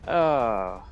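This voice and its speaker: A man playing in a tabletop game, thinking aloud about his character's moves with halting restarts. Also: medium pitch, highs cut off. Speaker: player. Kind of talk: casual table talk.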